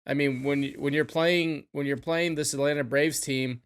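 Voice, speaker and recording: A man's voice: on the high side, fairly even intonation, moderate pace, smooth. A man co-hosting a casual sports podcast, talking animatedly and swearing freely, trailing off and restarting his sentences. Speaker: podcast co-host.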